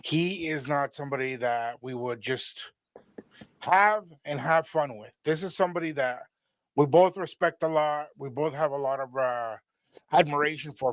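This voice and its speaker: Lively teasing male radio host. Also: on the high side, dry recording. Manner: playful teasing, lively hype. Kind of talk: bilingual radio chat.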